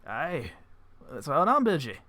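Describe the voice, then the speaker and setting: A man doing a gruff forge worker saying aye. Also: fairly high pitch, wildly swooping pitch, measured pace, pushed and bright, pitched above the performer's own voice, exaggerated voice. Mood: chatty. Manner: drawls "aye, aye" often.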